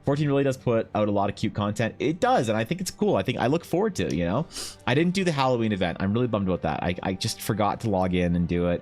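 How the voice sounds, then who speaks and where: Laid-back low-voiced Canadian streamer. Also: male voice, darkish tone. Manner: rambling, loose and profane, reads chat aloud. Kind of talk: casual chat while drawing.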